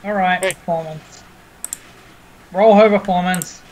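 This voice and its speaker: A man's voice: high voice, fairly even intonation, takes it slowly, darkish tone, slight background noise, rough recording. A man playing a tabletop game, casually asking about the rules. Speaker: player.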